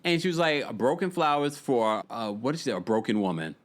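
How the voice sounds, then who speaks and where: Male stream host, chatty and gossipy, voice leaping between high exclamations and low asides. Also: big pitch swings, fairly quick. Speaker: host of a live reality-TV recap stream. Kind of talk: casual live-stream recap reading chat comments.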